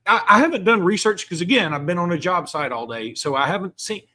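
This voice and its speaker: A man co-hosting a sports podcast in casual chat, animated and quick with asides. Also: high-pitched. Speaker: podcast co-host.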